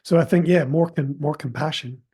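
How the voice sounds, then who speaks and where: A man's voice: a little high, moderate pace, warm tone, slightly rough. A man speaking as a podcast guest, earnest and reflective, offering encouragement. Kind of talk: conversational interview.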